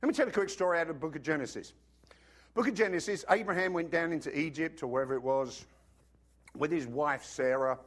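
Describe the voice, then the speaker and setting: A man's voice: fairly high pitch, fairly bright tone. A man preaching a sermon in a conversational way, acting out little scenes and dropping joking asides to the congregation.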